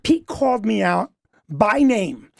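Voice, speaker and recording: A middle-aged man with a gravelly, creaky voice, recorded dry and close. He talks emphatically and defensively, leaning on "listen" and "okay" as he tells his side as a club owner on a radio talk show. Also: high-pitched, big pitch swings, takes it slowly, no room sound. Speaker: comedy club owner and guest.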